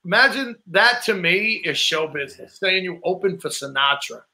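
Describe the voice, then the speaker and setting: A man's voice: high-pitched, lively intonation, moderate pace, bright, forceful tone. A man co-hosting a casual podcast, telling a rambling anecdote and acting out the quotes in it. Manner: rambling anecdote teller who acts out quotes. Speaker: podcast co-host.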